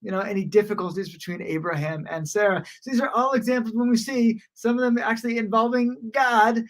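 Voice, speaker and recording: A woman teaching a daily Talmud lesson in a casual, conversational way, often pausing on "you know" and restarting her sentences. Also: fairly high pitch.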